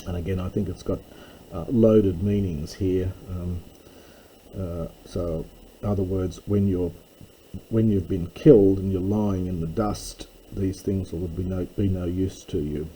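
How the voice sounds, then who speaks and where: Male tutor, slow careful delivery, ums throughout, low voice, faint hiss. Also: steady tone, warm tone, low-quality recording. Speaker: Greek tutor. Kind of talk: line-by-line lecture.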